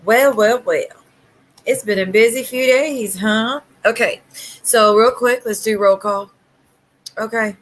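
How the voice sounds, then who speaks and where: A woman's voice: on the high side, steady tone. Sassy, blunt woman livestreaming. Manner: blunt, sassy, quick retorts. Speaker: livestream host. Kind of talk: casual livestream chat.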